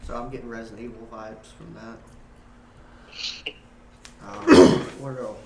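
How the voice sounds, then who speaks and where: A man's voice: medium pitch, flat delivery, a little slow, reverberant, noisy background. A man playing a tabletop game, talking in a blunt, joking way. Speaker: player. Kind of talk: casual in-character game talk.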